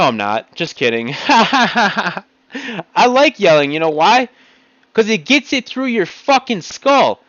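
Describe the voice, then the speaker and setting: A man's voice: high-pitched, a bit bright, no echo. A man in an agitated, blunt ranting monologue, speaking straight to his computer. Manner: blunt, agitated, heavy swearing. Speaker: vlogger. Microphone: home computer mic. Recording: dull lo-fi dry recording.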